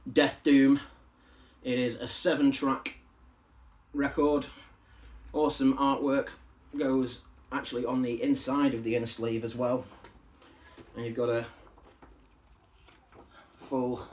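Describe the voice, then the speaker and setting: A chatty record collector with a medium-pitched, slightly mellow voice shows a parcel of vinyl albums to camera. His casual unboxing talk rambles, full of asides and side stories.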